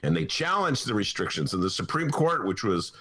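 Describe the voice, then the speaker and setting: A man's voice: on the low side, fairly quick. A man hosting a talk podcast, chatting casually and joking, often slipping into voices. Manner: animated, jokey, slips into voices and impressions. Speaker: podcast host. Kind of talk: casual talk-show banter.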